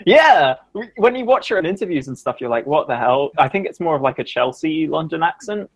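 Animated man in a casual chat. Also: a little fast. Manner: animated, laughs often, jumps up in pitch when excited. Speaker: podcast co-host.

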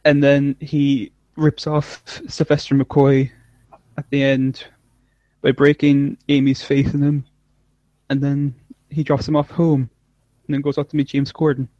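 A man's voice: medium pitch, monotone, measured pace, dark tone, no echo, muffled recording. A man co-hosting a casual chat, rambling and often trailing off mid-thought. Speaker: podcast co-host. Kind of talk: casual chat reviewing an episode.

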